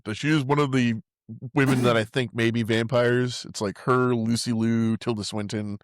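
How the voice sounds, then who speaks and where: A man's voice: medium pitch, steady tone, moderate pace, no room sound, clean studio sound. A man co-hosting a podcast, laid-back and swearing often in casual movie chat. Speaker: podcast co-host.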